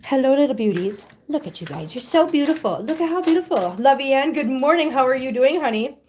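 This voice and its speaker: A woman's voice: high voice, expressive, a little fast, darkish tone, a little hiss or hum. A middle-aged woman hosting a casual livestream, chatting to viewers and cooing baby talk at her kittens. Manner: answers viewer comments aloud. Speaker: livestream host with cats.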